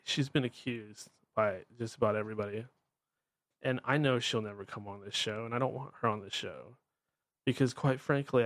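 A man's voice: mid-range voice, dry recording. A man with a Pacific Northwest American accent hosting his show, ranting bluntly and irreverently. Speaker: podcast host. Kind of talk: ranting monologue.

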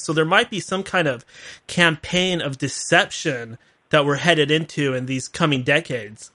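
A man's voice: on the high side, moderate pace, bright, forceful tone. A man hosting a call-in talk radio show, rambling and chatty with laughing asides.

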